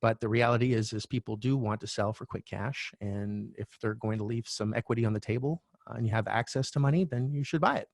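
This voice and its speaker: A middle-aged man, a real estate coach, telling a candid personal story as a podcast guest, animated and swearing now and then. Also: lowish voice, brisk, gravelly, hardly any pauses, no room sound, clean studio sound. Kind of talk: storytelling interview talk.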